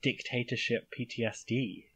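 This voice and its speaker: A man with an English accent co-hosting a podcast in casual chat, quick to laugh and exclaim. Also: medium pitch, steady tone, pushed and bright, breathy edge. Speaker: podcast co-host.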